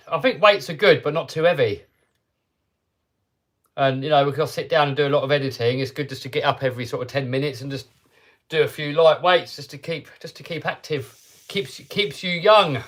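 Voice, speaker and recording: A man with a somewhat high speaking voice hosts a casual live stream. He talks to his viewers in an upbeat, chatty way, often restarting his sentences as he goes. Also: fairly bright tone. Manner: chatty and upbeat, with frequent self-interruptions. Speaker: host of a hobby channel livestream.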